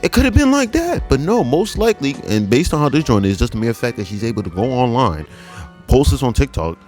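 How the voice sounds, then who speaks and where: A male host giving slangy, animated reaction commentary, with frequent laughing asides. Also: mid-range voice, brisk, faint music behind.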